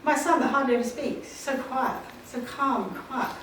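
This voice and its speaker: A woman delivers an emphatic motivational talk from the stage of a big conference hall, laughing frequently and going back over her points. She has a high-pitched, slightly bright voice with a steady tone at normal speed. The audio is distant, echoey and noisy.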